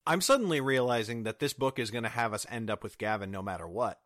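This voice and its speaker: A man's voice: medium pitch, fast talker, fairly bright tone, dry recording, clean studio sound. A man guest on a podcast, chatting casually and sarcastically, often trailing off and laughing. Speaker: guest author.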